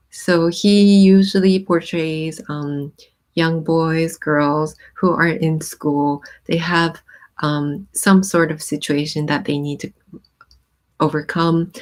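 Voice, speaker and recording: A woman hosting a casual live stream, reading song lyrics and explaining their meaning with many pauses and "um"s. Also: deep voice. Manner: thoughtful, pauses with many "um"s, reads lyrics aloud then explains.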